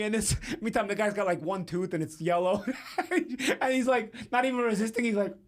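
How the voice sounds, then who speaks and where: Animated high-voiced man telling stories. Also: brisk, few pauses. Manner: animated, storytelling with laughs and restarts. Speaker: podcast guest. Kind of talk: casual chat.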